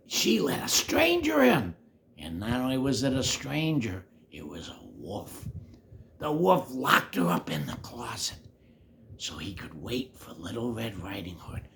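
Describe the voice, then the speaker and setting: An older man telling a children's story, animated and playful, dropping into whispery asides. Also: mid-range voice, takes it slowly, creaky, a little hiss or hum.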